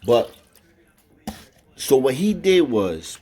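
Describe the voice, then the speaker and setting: A man's voice: mid-range voice, big pitch swings, very slow, warm tone, husky. A man tells a story in a casual, slangy and profane way. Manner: slangy and profane, with frequent "know what I mean".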